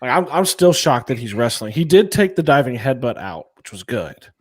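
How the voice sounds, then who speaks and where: A man's voice: medium pitch, big pitch swings, moderate pace. A man co-hosting a podcast in casual chat, opinionated and talkative, calling out to viewers. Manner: chatty, opinionated, calls out to live viewers. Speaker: podcast co-host.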